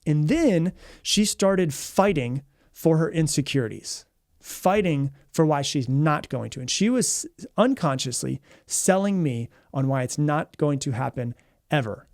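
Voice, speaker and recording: With a slightly high voice, a man podcasting as a mindset coach races through a story with lots of energy. He repeats himself frequently and performs other people's lines, recorded in a clean studio with no echo.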